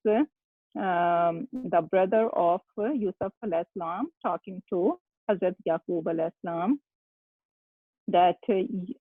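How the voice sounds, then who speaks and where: An Arabic teacher, giving slow, halting explanations in an online class. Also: medium pitch, no echo. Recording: tinny phone-line sound, dry.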